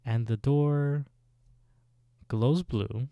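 Slow, gravelly male podcast co-host. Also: medium pitch, fairly even intonation, warm tone, no echo, clean studio sound. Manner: laid-back storytelling with laughs. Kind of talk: casual recap chat.

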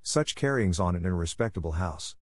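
A man's voice: low-pitched, animated, a little fast, dry recording. A man voicing a prim, rigid, irate rich old spinster who speaks curtly and sarcastically. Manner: curt, sharp, sarcastic.

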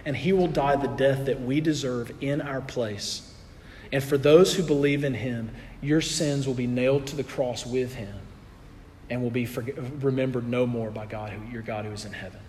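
A man preaching a sermon in an earnest way, building in intensity and then dropping soft. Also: mid-range voice, steady tone, normal speed, in a large hall, a little hiss or hum.

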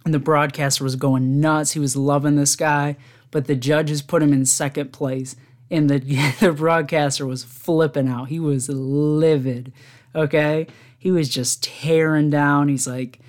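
A man's voice: a little high, steady tone, a little slow. A man hosting his own podcast alone, telling rambling stories in casual chat and often laughing at them. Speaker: podcast host.

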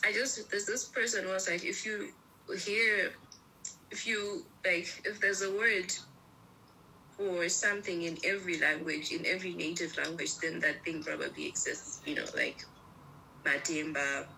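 Woman, co-host, bright voice, chatty, rambling, chewing while talking, faint background noise. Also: fairly low pitch, fairly even intonation, normal speed, gravelly, poor audio. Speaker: podcast co-host. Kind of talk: casual chat.

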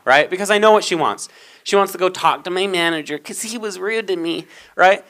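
A man's voice: sits high, normal speed, fairly bright tone. A young man co-hosting a casual podcast, rambling through a story and acting out what people said. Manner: rambling storyteller, acts out quoted dialogue. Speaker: podcast co-host.

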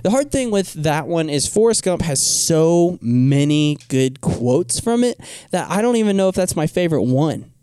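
A man's voice: on the high side, sing-song, moderate pace, warm tone, clean tone, no room sound, clean studio sound. A young man co-hosting a podcast, chatting casually with a playful, teasing manner and laughing often. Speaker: podcast co-host. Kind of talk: casual chat.

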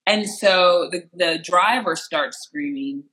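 Entertainment interviewer from rural Missouri, animated storyteller, bright and forceful delivery. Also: takes it slowly, rough recording. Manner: animated, acts out quotes with sharp jumps in pitch. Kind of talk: personal storytelling.

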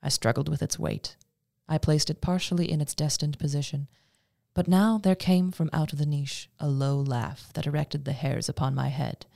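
A man with a gravelly voice reading a classic horror story as narrator and host, measured and dramatic. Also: a little high, steady tone, a little mellow, dry recording, clean studio sound. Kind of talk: scripted audiobook narration.

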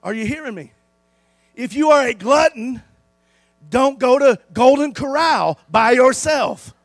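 Pastor, male, high voice, dry close mic, call-and-response preaching from hush to loud. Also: expressive, measured pace, no echo. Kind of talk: sermon.

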